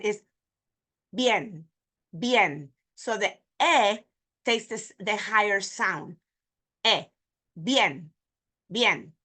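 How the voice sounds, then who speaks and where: A bright-voiced Spanish teacher from Puerto Rico, a native Spanish speaker with a medium-pitched female voice, gives an online pronunciation lesson. She demonstrates by repeating example words slowly.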